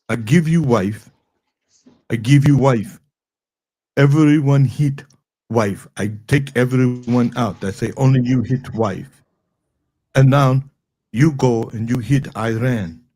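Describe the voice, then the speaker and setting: A man's voice: medium pitch, slow pace, pauses often, dark tone. A man voicing a blustering foreign strongman in a mock Russian accent, making comic threats in broken English during an impression skit. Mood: menacing.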